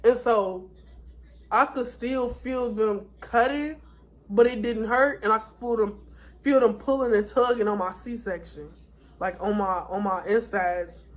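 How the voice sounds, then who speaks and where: A woman's voice: fairly high pitch, fairly even intonation, unhurried. A tired young woman vlogging, telling her story in a candid, rambling way with many fillers and restarts. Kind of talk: casual storytime vlog.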